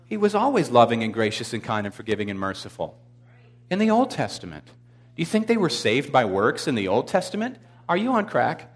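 Guy preaching, goes quiet then loud, jokes around a bit. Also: a little high. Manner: dramatic, swings from hushed to loud; humorous asides. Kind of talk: sermon.

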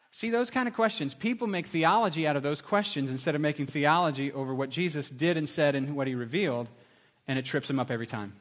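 A middle-aged man preaching a sermon, telling stories with lively, animated delivery and acting out other people's voices. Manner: animated storytelling, acts out voices with big pitch jumps. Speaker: pastor.

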